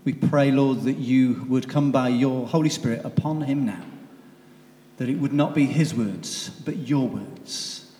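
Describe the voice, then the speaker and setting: A man leading a spoken prayer, soft and unhurried, trailing off quietly. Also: mid-range voice. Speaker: prayer leader. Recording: roomy church with long reverb, faint ambience.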